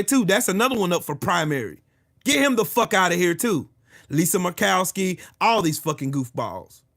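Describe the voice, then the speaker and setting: Furious profane man ranting, high-pitched. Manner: furious, profane, shouting at commenters. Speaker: live-stream host. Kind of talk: angry political rant to live chat.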